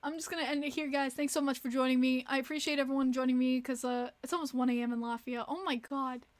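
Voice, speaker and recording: A woman hosting a casual livestream, chatting and reacting to viewer messages with quick exclamations. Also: high-pitched, steady tone. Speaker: livestream host.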